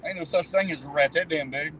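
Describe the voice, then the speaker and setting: A man's voice: fairly high pitch, fast, pushed and bright, low-quality recording. Southern male trucker, emphatic, profane, casual, light outdoor noise behind. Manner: profane, emphatic, laughing easily. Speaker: truck driver guest. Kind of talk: casual chat.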